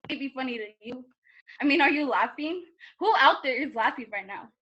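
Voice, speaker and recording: A woman's voice: high voice, lively intonation, fairly quick, slightly rough, muffled recording. A young woman performing an earnest, impassioned monologue over a video call, with pointed questions to her listeners. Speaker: student performer. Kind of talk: spoken-word monologue.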